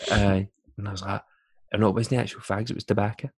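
A man's voice: lowish voice, flat delivery, fast, darkish tone, husky, dry recording. A Scottish man in a casual podcast chat, rambling through anecdotes with laughter.

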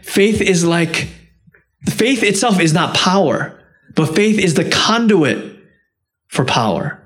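A man preaching a sermon, earnest and direct, rising to impassioned peaks and dropping low and soft when quoting. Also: animated, slow pace. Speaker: pastor.

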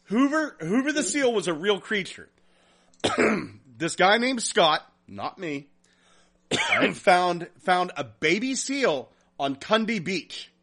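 A man hosting a casual podcast, reading listener comments and telling a story in a profane, animated way. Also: sits high, slow. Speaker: podcast host.

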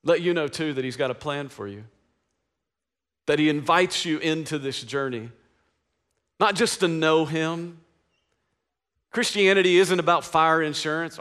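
Bright-voiced preacher man. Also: fairly high pitch, a little slow, long pauses. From East Tennessee, USA. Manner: impassioned preaching with call-and-response. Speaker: pastor. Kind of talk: Easter sermon.

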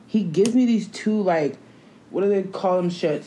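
A woman's voice: on the low side, fairly quick. A woman co-hosting a podcast, telling stories in casual slangy chat and acting out quoted lines. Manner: animated storytelling, slangy, acts out quotes. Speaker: podcast co-host.

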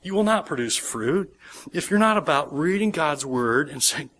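A man's voice: fairly high pitch, lively intonation, moderate pace, fairly bright tone. Emphatic man preaching a sermon. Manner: emphatic, repeating key words. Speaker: pastor.

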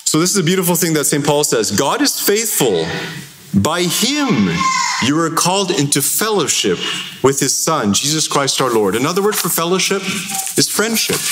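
A man with a Canadian accent giving a sermon as a parish priest, telling stories in a conversational way. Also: moderate pace. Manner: conversational storytelling with lively pitch swings. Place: large church. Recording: echoey church hall, faint noise.

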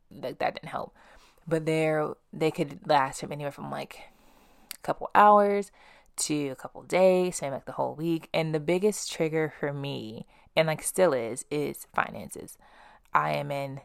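A young woman in her twenties hosts a personal podcast, speaking in a low voice with a gravelly fry. She vents candidly, swears freely and leans on "like" and restarts, and the recording sounds dry and close. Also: moderate pace, dry recording. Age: 20s. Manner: blunt and profane, filler-heavy, venting. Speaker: podcast host.

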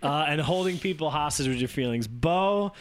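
A man's voice: fairly high pitch, expressive, normal speed. A man co-hosting a podcast in casual, comedic chat, teasing and crude. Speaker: podcast co-host.

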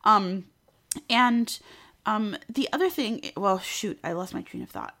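A woman author talks loosely in a casual chat, rambling with many fillers and often losing her thread. She is self-deprecating, at a middle pitch. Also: unhurried, bright, forceful tone. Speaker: guest author.

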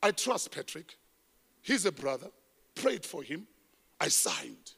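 A man with a South African accent preaching to his congregation. His voice sits high and rings bright and forceful. He tells his stories animatedly, jumping from loud calls to quiet asides. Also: takes it slowly, breathy edge. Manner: animated storytelling preacher, swinging between loud and hushed. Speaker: pastor. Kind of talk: sermon. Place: church.

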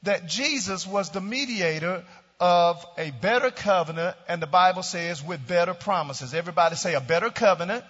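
A man's voice: high-pitched, animated, moderate pace, fairly bright tone, breathy edge. A man preaching a sermon as pastor, leading his congregation in call-and-response declarations. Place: church sanctuary. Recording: dull lo-fi church hall recording with long reverb.

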